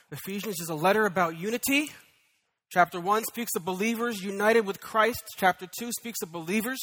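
Pastor, male, high bright voice, emphatic sermon delivery. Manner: emphatic preaching, rising to loud repeated declarations.

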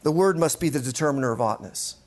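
With a mid-range, expressive voice and a quick pace, a man who is a pastor and counseling instructor delivers an emphatic teaching lecture. He repeats key points and keeps checking in with "right?".

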